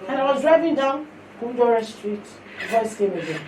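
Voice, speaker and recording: A woman preaching, telling a testimony in animated storytelling that slips into pidgin, then leading prayer. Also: on the high side, normal speed, noisy background. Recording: echoey hall from far off.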